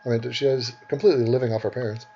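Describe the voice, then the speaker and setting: A man's voice: medium pitch, steady tone, rapid-fire, warm tone, husky. A man who is sick, hosting a casual chat in a blunt, scornful and profane way, laughing often. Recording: dull lo-fi audio.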